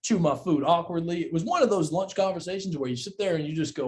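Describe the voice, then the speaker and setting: A young man co-hosting a sports podcast in casual chat, animated and incredulous, repeating himself and swearing freely. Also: fairly high pitch, quick pace. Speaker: podcast co-host.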